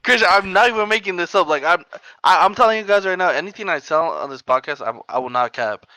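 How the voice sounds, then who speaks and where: A young man from New York tells rambling street stories on a casual podcast. His voice is bright and forward, and he fills his speech with "like" and "bro". The sound is close and dry. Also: sits high, animated, fast, clean tone, no room sound, poor audio. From New York area. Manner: rambling, laughing anecdotes full of "like" and "bro". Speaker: podcast co-host. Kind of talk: casual storytelling chat.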